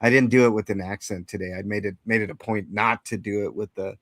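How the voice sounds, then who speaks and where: A man's voice: fairly low pitch, steady tone, fast talker, dry recording. A man hosting a casual livestream chat, greeting viewers and rambling with many fillers and restarts. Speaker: livestream host.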